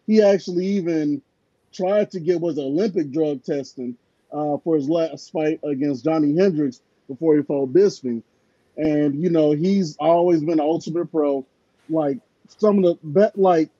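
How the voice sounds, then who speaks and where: A man's voice: fairly high pitch, dark tone, dry recording, dull audio. A man co-hosting a sports podcast, chatting casually and telling rambling stories packed with filler words.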